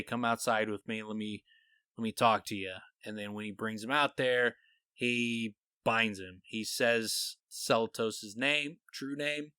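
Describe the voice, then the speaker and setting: A man co-hosting a podcast, animatedly thinking out loud as he retells and theorizes about scenes from a book. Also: lowish voice, smooth, no echo. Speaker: podcast co-host. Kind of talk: casual podcast discussion.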